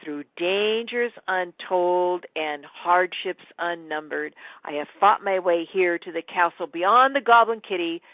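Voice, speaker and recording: A woman's voice: on the low side, dry recording, narrow, tinny audio. A woman voicing a determined teenage girl who recites a poem earnestly.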